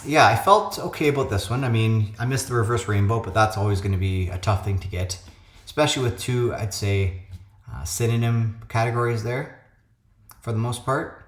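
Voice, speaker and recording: A man with a lowish voice talks at normal speed through his puzzle solves in a casual solo video, thinking aloud with plenty of ums and uhs. He records on a phone webcam in an echoey room at home.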